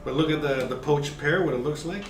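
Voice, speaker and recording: A man's voice: on the high side, a little fast, reverberant, over music. A man hosting a casual cooking livestream, chatting and explaining each step, cursing now and then. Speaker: cooking show host.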